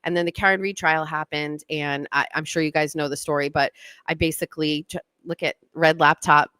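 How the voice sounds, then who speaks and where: A woman's voice: deep voice, steady tone, a little fast, pushed and bright, clear, resonant tone, no echo. A woman hosting a talk show, chatting in a rambling, self-deprecating way. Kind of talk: casual monologue.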